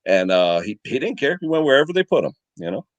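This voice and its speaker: A man's voice: mid-range voice, fast talker, no echo, highs cut off. A middle-aged man swaps stories on a live stream chat, and his voice leaps up and down as he acts out the people in them. The sound is dry and close, with no room around it. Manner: animated storyteller, acts out quotes. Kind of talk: casual chat.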